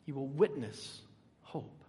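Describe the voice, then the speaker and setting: An older man preaching a sermon, emphatic, swinging between loud and soft with dramatic pauses. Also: mid-range voice, expressive. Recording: echoey hall.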